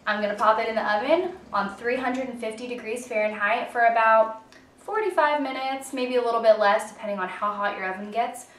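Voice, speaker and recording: A woman's voice: fairly high pitch, fairly quick, a bit bright, a little hiss or hum. A woman in her twenties giving a chatty, upbeat cooking demonstration in her kitchen, joking about herself as she goes. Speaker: home cook. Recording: roomy kitchen audio from a distance with faint guitar music.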